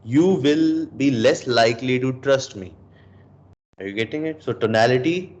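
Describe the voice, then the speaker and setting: A man's voice: medium pitch, normal speed, darkish tone, dull audio. Emphatic man coaching with rhetorical questions. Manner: mixes in Hindi phrases. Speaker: dating coach. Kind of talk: recorded coaching session.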